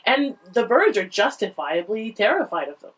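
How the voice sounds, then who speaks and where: A woman panellist on a podcast, talking through a children's book in a thoughtful, halting way. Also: mid-range voice, big pitch swings, husky, poor audio. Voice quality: halting, restarts often, thoughtful. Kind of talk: casual book discussion.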